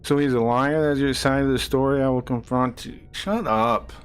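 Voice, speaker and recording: A man's voice: mid-range voice, fairly even intonation, normal speed, smooth. A man streaming live, ranting angrily at people in his chat, swearing and repeating himself. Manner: angry, profane, repeats himself, rising to shouts.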